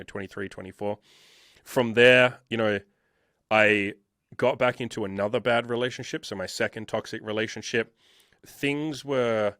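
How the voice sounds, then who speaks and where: A man's voice: fairly low pitch, a bit bright, dry recording, clean studio sound. Blunt, swearing man in his thirties. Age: 30s. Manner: blunt, heavy swearing, emphatic. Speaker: interview guest, dating coach. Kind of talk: candid personal storytelling.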